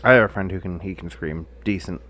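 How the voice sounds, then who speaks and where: A young man with a lowish voice co-hosting a podcast. He keeps it laid-back and mostly gives short replies, and he laughs easily. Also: fairly quick, fairly bright tone, a little hiss or hum. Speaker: podcast co-host. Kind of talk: casual chat.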